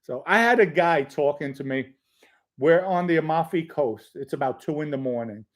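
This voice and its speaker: Man, middle-aged, livestream host, somewhat high-pitched, casual, jokey, reads comments aloud, anecdotal. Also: animated, moderate pace. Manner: reads viewer comments aloud and jokes with chatters; rambling anecdotal storytelling.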